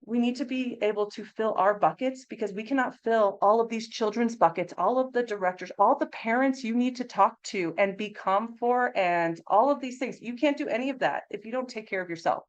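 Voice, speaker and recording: A woman in her thirties giving a lively training talk to teachers and childcare directors. She speaks in a conversational, animated way and slips into a bright, upbeat teacher voice when she acts out what to say to children. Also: a little high, fairly quick, few pauses, muffled recording. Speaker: early childhood mental health consultant.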